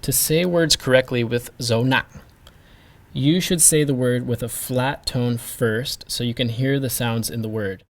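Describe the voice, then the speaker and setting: A man teaching a pronunciation lesson, speaking deliberately and demonstrating each sound with care. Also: medium pitch, fairly even intonation. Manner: slow, deliberate, modelling sounds. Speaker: language teacher.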